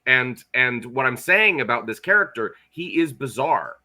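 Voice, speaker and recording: A man guesting on a podcast, talking excitably about a movie, swearing and stumbling over his words. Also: mid-range voice, moderate pace. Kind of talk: casual chat about a movie.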